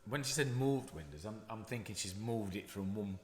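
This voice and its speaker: A man who is a damp and mould specialist, reading out a news story and commenting on it in unhurried asides with frequent self-corrections. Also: on the low side, expressive, a little hiss or hum. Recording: roomy echo.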